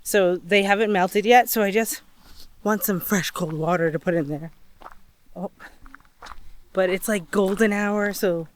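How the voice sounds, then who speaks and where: A woman's voice: mid-range voice, measured pace, pauses often, a little hiss or hum. A young woman narrating a casual travel vlog while walking around outdoors, chatty and rambling. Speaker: travel vlogger. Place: outdoors on a day trip, walking.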